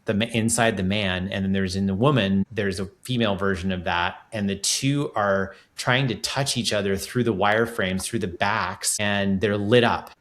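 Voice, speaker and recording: A man with a fairly low voice hosting a podcast interview. He talks in a relaxed, reflective way, thinking out loud and often restarting his sentences. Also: moderate pace, hardly any pauses. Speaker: podcast host. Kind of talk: casual interview conversation.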